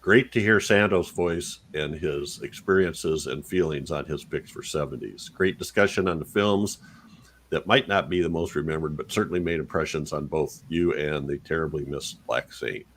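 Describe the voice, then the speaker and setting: A man with a very low voice reads listener letters on a casual podcast. His delivery is wry and unhurried. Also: fairly bright tone, slight background noise. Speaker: podcast co-host reading listener feedback.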